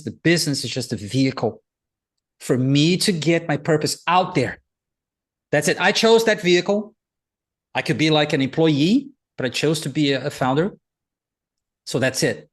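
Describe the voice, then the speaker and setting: A man hosting a founders' faith discussion, telling his own stories in an animated way and laughing along. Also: mid-range voice. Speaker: host leading a founders' faith talk. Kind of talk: animated storytelling.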